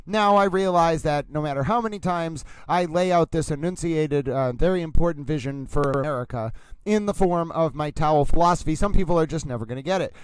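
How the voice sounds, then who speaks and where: Mock-grand Massachusetts man, smooth announcer voice. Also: on the high side, no echo. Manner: announcer-like delivery, mock-grand, keeps addressing "ladies and gentlemen". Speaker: livestream host. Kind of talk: playful rambling livestream commentary.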